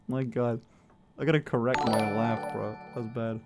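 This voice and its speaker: Loud music sits behind this young man's medium-pitched voice as he livestreams at normal speed with fairly even intonation. Chatting casually and reading out viewer messages, he jokes, swears, and laughs often.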